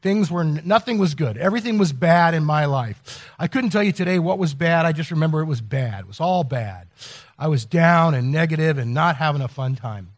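A man's voice: on the high side, animated, brisk. A middle-aged man preaching a sermon as pastor, telling a story with many restarts and repeated words. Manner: rambling, self-interrupting storyteller.

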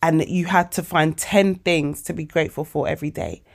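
A woman of forty, hosting a casual motivational podcast monologue, animated and emotional, calling her listeners babes. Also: sits low, moderate pace, vocal fry. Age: 40s. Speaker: podcast host.

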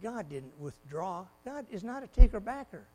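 A man preaching a sermon in an animated way, swinging from loud exclamations to quiet asides and laughing often. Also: sits high, moderate pace. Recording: mains hum behind the voice.

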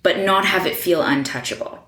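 A woman's voice: lowish voice, a little fast, a bit bright. A woman guest in a casual interview, talking about her design work with lots of "like" and "you know" and easy laughter. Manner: chatty, many fillers like "like" and "you know"; laughs easily. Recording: roomy echo.

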